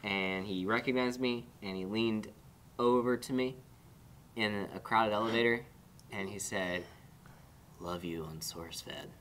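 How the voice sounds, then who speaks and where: A woman hosting a panel show, telling a story in casual chat with a dry, deadpan delivery. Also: very deep voice, measured pace, slight background noise. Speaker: host.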